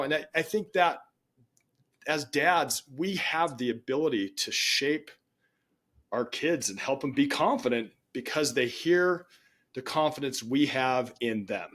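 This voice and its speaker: A middle-aged man, a podcast guest, telling stories in an animated way and acting out the voices he quotes. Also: a little high. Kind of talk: storytelling in interview.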